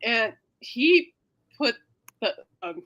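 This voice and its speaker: A woman hosting a casual talk podcast. She rambles through stories, full of fillers, and acts out her own reactions for effect. Her fairly high voice swings up and down a lot, animated and expressive throughout. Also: very slow. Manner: dramatic re-enactment of own reactions. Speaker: podcast host. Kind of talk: casual rambling livestream chat.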